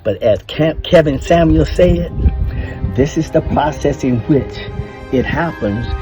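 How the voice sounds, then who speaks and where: Music plays under an older man's fairly high, unhurried voice as he gives men blunt, preachy advice on marriage. He swears freely and hammers his points home in a casual monologue.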